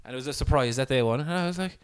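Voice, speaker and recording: A man's voice: mid-range voice, rapid-fire, clear, resonant tone. An Irish man hosting a comedy podcast, telling stories in casual, sweary chat and slipping into acted quotes.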